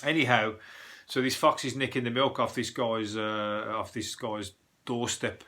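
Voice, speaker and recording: A man's voice: mid-range voice, steady tone, unhurried, bright, forceful tone. A man hosting a comedy news podcast, rambling profanely and chuckling through his stories. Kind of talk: casual comedic news monologue.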